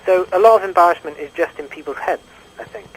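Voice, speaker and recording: Tipsy British man, rambling and halting. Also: sits high, a crowd in the background, poor audio. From Britain. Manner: halting, rambling, many restarts. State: drunk. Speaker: guest. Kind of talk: casual radio interview.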